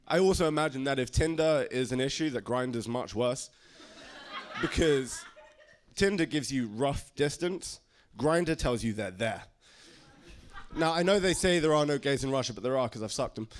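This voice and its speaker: A man's voice: medium pitch, animated, normal speed, background noise. A man doing a stand-up comedy set in a club, chatty and crude, slipping into put-on voices.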